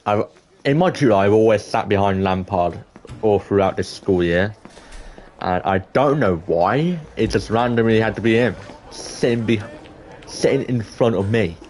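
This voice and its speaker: A teenage boy telling a school story to camera in an excitable, rambling way, full of restarts and exclamations. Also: on the low side, normal speed, slight background noise. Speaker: vlogger.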